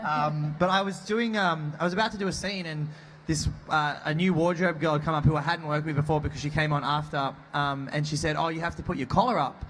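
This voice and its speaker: A man's voice: fairly high pitch, fairly even intonation, fairly quick, a bit bright, a little hiss or hum. A man in his thirties with an Australian accent, an actor telling funny stories on a convention panel. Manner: joking, self-deprecating, storytelling. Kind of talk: casual panel talk. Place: convention hall on stage.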